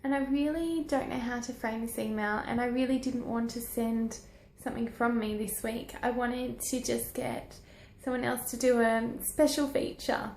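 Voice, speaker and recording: A woman's voice: on the high side, steady tone, moderate pace, hardly any pauses, a little mellow, echoey room, slight background noise. A woman, talking earnestly into a phone held at arm's length, rambling and encouraging herself and her audience. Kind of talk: personal selfie video talk.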